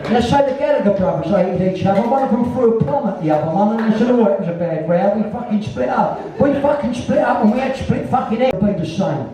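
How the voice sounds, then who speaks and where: A man of around sixty with a London Cockney accent, a guest in a live onstage conversation at a music venue, tells a blunt, rambling, swear-filled anecdote to the audience. His high, warm voice is animated and fast, with hardly any pauses. The recording is echoey, distant and dull, with a slight hiss or hum.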